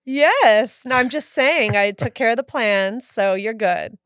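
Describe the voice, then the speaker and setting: A bubbly, teasing woman in her forties co-hosting a live podcast, chatting casually with frequent laughs. Her fairly high voice is smooth and resonant, and the recording is dry and close. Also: animated, measured pace, a bit bright, no echo. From Southern California. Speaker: podcast co-host. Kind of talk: casual chat.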